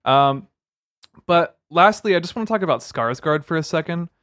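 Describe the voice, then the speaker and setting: Animated man chatting dryly, close-up. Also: fairly high pitch, normal speed, clear, resonant tone, no echo. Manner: animated, opinionated, playful asides. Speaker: podcast co-host. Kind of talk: casual film review chat.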